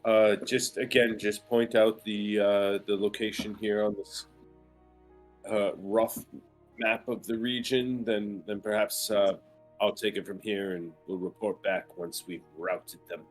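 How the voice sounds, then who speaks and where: A man's voice: fairly low pitch, flat delivery, unhurried, faint music behind, poor audio. A man playing a tabletop game, speaking in character with a pompous, formal, courtly manner. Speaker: player. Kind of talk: in-character tabletop role-play.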